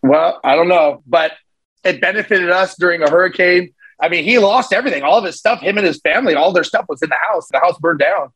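Husky-voiced man telling a story. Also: high voice, brisk, rough recording. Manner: animated, acts out voices in his stories. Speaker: podcast guest, real estate investor. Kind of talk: casual storytelling.

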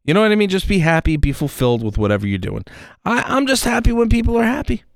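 A man co-hosting a podcast, sounding tired and laid-back, talking haltingly and trailing off. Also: high-pitched, very animated, creaky, no echo, studio quality. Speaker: podcast co-host. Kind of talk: casual podcast chat.

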